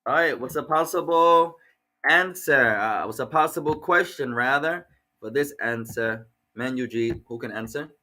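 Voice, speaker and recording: Male teacher, bright and forceful tone, patient and encouraging with students. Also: mid-range voice, moderate pace. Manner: encouraging, repeats and explains patiently. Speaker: language teacher. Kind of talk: online class instruction.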